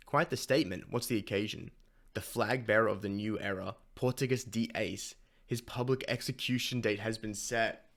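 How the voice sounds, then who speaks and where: Male reaction host, reads manga lines, excitable, sweary, casual. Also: lowish voice, normal speed, gravelly. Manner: swears and gasps while reacting; reads character lines in his plain voice.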